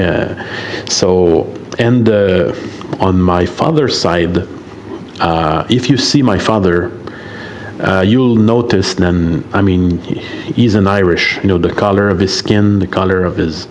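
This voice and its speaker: Casting: French-Canadian man, fifties, lowish voice, hesitant and full of fillers, faint hiss behind. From Quebec, Canada. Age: 50s. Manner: halting, hesitant, many fillers, apologetic. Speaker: guest sending a recorded message to a radio show. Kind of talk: self-recorded voice message.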